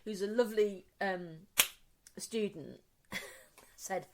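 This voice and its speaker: A woman in her forties co-hosting a casual chat podcast, telling stories through laughter and acting out shouts and voices. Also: medium pitch, slow, noisy background. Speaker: podcast co-host.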